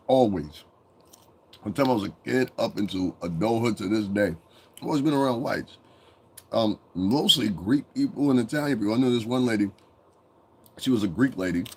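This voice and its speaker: A man's voice: fairly low pitch, darkish tone, a little hiss or hum. A man from Connecticut hosting a casual commentary monologue, profane and rambling, breaking into mocking impressions. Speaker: commentary channel host.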